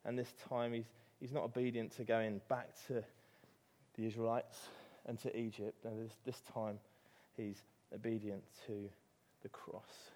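A man's voice: on the low side, level tone, unhurried, mellow. A man with an English accent preaching a sermon, telling a story with animation and rising to emphatic peaks.

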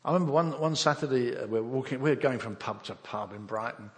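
A man's voice: medium pitch, brisk, in a large hall. An older man from England preaching a sermon, telling his own conversion story and acting out the voices and thoughts of the people in it. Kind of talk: sermon with personal testimony.

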